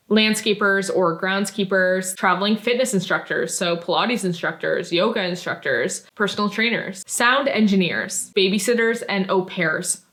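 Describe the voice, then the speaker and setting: A woman travel vlogger talking casually to camera, chatty and rattling off lists, her voice getting hoarse. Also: mid-range voice, a bit bright. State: losing her voice.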